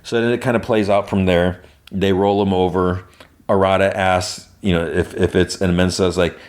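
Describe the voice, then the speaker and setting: A man with a very low, deep voice talks loosely through a TV episode recap. He restarts his sentences often and slips in quick quoted lines from the characters as he goes. He speaks in an unhurried, conversational way as a podcast host. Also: flat delivery. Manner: rambling, many restarts, quotes characters in passing.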